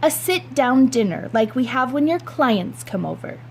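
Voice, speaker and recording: A determined suburban mother from a read-aloud storybook speaks in brisk, commanding tones, voiced by a woman reader. She sounds lifted and bright against the narration. Her orders leave no room for argument. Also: sits high, sing-song, slight background noise, voice pushed up. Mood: firm.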